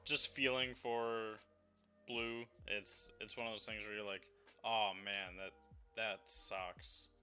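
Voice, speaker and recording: Halting, very bright-voiced man. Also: fairly low pitch, level tone, soft background music. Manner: halting, restarts, laughs often. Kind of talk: casual chat.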